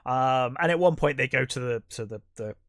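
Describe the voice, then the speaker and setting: A man of ordinary pitch co-hosts a podcast and reviews a film in casual talk. He rambles and restarts his sentences, then grows bluntly exasperated. His voice is recorded close and dry. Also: moderate pace, a bit bright, no echo. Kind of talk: casual movie review chat.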